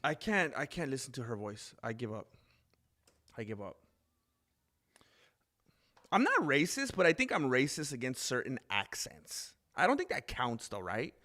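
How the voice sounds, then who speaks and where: A man's voice: mid-range voice, very animated, moderate pace, bright, forceful tone. Rambling male live-stream host. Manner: rambling, reads chat comments aloud, laughs often. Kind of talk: casual live-stream chat. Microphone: desk microphone with mixer.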